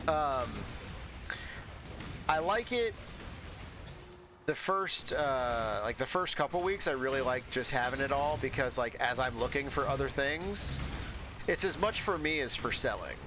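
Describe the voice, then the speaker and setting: A man's voice: medium pitch, expressive, a little slow, pauses often. Guy rambling about his game, lots of likes and ums, noisy background. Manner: rambling, many fillers and restarts. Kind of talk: casual chat while gaming.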